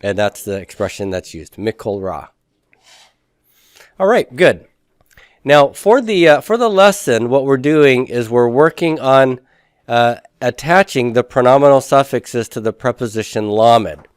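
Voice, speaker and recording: Smooth-voiced male teacher reviewing a lesson. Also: mid-range voice, lively intonation, normal speed, no echo, studio quality. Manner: patient, asks questions then answers them himself. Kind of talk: recorded class review lesson.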